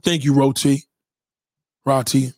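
A male vlogger rants to camera, profane, preachy and conspiratorial, repeating himself for emphasis. His mid-range, darkish voice is slow with little pitch movement, recorded at studio quality with no room sound.

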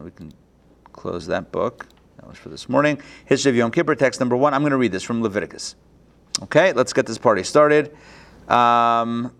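A man teaching a live online class as a rabbi, lively and chatty, often thinking aloud and restarting his sentences, on a video call. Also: medium pitch, vocal fry.

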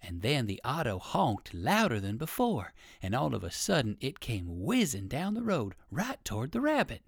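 A man reading an old children's storybook aloud, with lively sing-song storytelling. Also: mid-range voice, normal speed, vocal fry, dry recording, clean studio sound. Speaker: audiobook reader.

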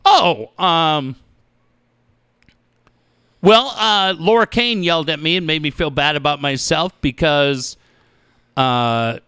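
A middle-aged man hosting a talk show, telling stories in a profane, animated way and acting out the people in them. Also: on the high side, slow, pauses often, clean tone, no room sound. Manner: profane, animated storytelling with acted-out voices. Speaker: radio show host. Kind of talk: casual storytelling chat.

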